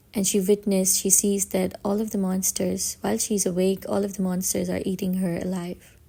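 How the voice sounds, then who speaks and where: A woman's voice: mid-range voice, gravelly, warm tone, breathy edge. A woman narrating a comic story recap in a casual, dramatic way, with emphatic stresses and frequent restarts.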